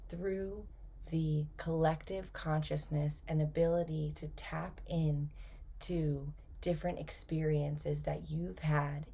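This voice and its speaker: Gentle otherworldly spirit collective, soft and reassuring, low and unhurried, as a woman channels it. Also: vocal fry, breathy edge, heavily acted. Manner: slow, soft and half-whispered. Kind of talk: spoken channeling message.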